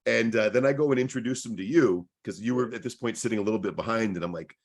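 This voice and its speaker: A man with a low, grounded voice tells a rambling story on a casual podcast. He jumps into other people's lines as he goes, keeping it loose and chatty. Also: fast. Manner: long anecdote full of acted-out quoted dialogue. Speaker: podcast co-host.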